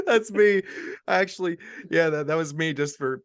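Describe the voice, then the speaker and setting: A man co-hosting a podcast, chatting loosely and laughing his way through half-finished sentences. His voice is slightly high and swings widely in pitch. The sound is dry and close, from a video call. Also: huge pitch swings, a little slow, no room sound. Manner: giggly, rambling, stumbles over words. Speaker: podcast co-host. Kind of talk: casual comedic chat.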